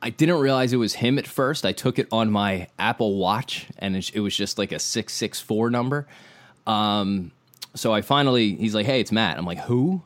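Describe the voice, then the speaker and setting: A man, hosting a podcast and retelling a story in a rambling, animated way with quoted dialogue. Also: fairly low pitch, moderate pace. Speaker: podcast host. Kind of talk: casual podcast chat, storytelling.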